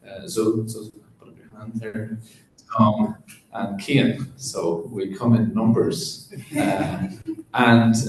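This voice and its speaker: A man who is an ambassador from Ireland, giving a formal welcome speech at an event, measured and halting with fillers. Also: fairly low pitch. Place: large echoey event hall. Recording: echoey hall.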